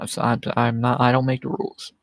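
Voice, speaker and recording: A man's voice: mid-range voice, completely flat delivery, a little fast, gravelly, dry recording, rough recording. A man hosting a livestream in casual, profane, rambling chat, chuckling often. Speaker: livestream host.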